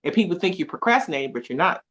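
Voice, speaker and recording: Animated woman. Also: on the low side, very fast. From Atlanta, USA. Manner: animated, expressive storytelling with frequent laughs. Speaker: podcast guest. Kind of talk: casual conversation.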